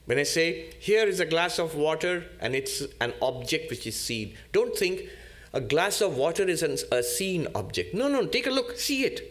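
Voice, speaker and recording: A man, a monk, giving a spiritual lecture in a deliberate, teacherly way, repeating key terms. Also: fairly high pitch, very animated, fairly bright tone.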